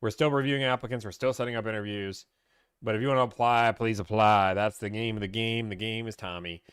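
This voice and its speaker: A man's voice: fairly low pitch, fairly even intonation, fast, a bit bright, clean tone, no echo, studio quality. A man hosting a casual livestream, hyped and playful, talking straight to his live chat. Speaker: livestream host.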